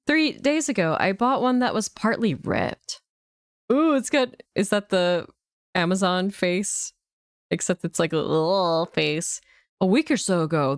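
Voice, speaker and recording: A woman's voice: medium pitch, dry recording, studio quality. A woman streamer chatting with her viewers while playing a game, playful and giggly, with crude jokes, on a desk mic. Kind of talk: live-streamed game playthrough chat.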